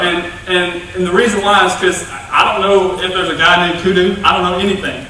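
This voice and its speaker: High-voiced man preaching in an echoey church. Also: brisk, hardly any pauses. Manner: animated, folksy storytelling with playful asides. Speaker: youth revival speaker. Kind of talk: youth sermon. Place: church sanctuary. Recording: distant echoey church recording.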